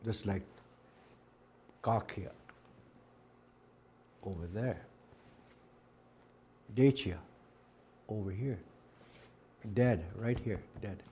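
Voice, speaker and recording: A man's voice: on the low side, drawn-out words, long pauses, dark tone, slight background noise. A man teaching a Dakota language class, patiently repeating words over and over and drilling contrasting word pairs aloud. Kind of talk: spoken language lesson.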